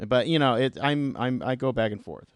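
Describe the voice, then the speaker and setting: A Canadian man hosting a podcast, chatting in an easygoing, self-deprecating way with halting restarts. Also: medium pitch, animated, dry recording, studio quality. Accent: Canadian English. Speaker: podcast host. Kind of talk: casual chat.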